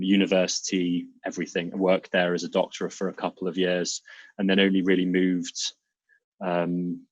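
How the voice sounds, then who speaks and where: A man in his thirties from South Wales with a Welsh accent, chatting as an interview guest in a relaxed, rambling way with ums. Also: deep voice, dry recording, lo-fi sound. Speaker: guest, doctor turned nomad. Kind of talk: casual interview chat.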